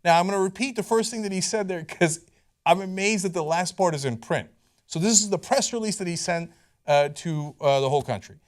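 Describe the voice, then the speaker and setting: A man hosting political commentary in a sarcastic, incredulous, animated way. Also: sits high, fairly quick.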